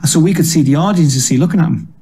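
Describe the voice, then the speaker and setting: A middle-aged man, a comedian guest, telling lively stories and acting out quotes in a casual interview. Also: on the high side, racing, husky. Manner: animated storyteller, acts out quotes with laughs.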